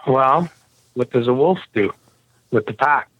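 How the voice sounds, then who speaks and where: A man from Canada, a podcast guest, telling stories bluntly with a rough edge. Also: mid-range voice, lively intonation, a little slow, dry recording, narrow, tinny audio. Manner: blunt, rough-edged storyteller. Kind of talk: casual storytelling interview.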